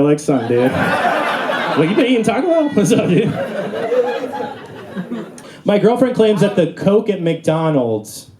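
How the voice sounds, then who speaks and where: A man's voice: mid-range voice, mellow. A young man doing a stand-up comedy set on stage, talking in a casual, rambling way with lots of fillers. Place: comedy club stage before a live audience. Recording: live room with audible noise.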